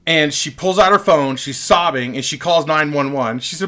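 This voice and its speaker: A man's voice: a little high, moderate pace, bright, forceful tone. A man casually telling a rambling, profane story straight to his webcam, with lots of fillers. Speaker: vlogger. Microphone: webcam picking up the mic closely.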